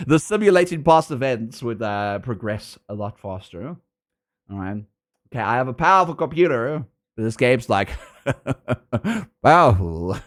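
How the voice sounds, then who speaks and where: A man streaming a game and chatting with his viewers, teasing them and laughing often. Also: medium pitch. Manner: playful, teasing, laughs often, jumps between loud and mumbled; reads chat aloud and answers viewers. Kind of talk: casual livestream chat.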